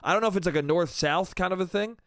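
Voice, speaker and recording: A man's voice: high-pitched, fast, a bit bright, no room sound, studio quality. A young man hosting a solo comedy podcast, rambling loosely and profanely, calling everyone "dude" and "bro". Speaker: podcast host.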